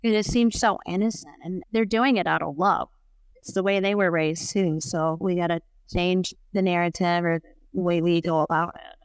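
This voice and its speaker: A middle-aged woman with a smooth, resonant voice talks openly on a podcast. She sounds candid and reflective, and she tells her story plainly. The recording is close and dry. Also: lowish voice, steady tone, moderate pace, no echo. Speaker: podcast guest. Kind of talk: candid conversational chat.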